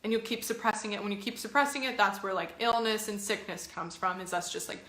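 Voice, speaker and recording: Bright-voiced woman coaching in an echoey room. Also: mid-range voice, fast. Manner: chatty and encouraging, with many filler words. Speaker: health and fitness coach. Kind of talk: casual coaching talk to camera.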